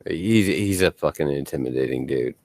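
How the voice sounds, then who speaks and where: A man's voice: very deep voice, animated, moderate pace, creaky, darkish tone, no room sound. A man hosting a casual panel chat who tells rambling, joking stories and swears freely.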